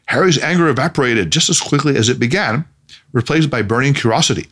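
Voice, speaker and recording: A man narrating a story in a measured, expressive way. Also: medium pitch.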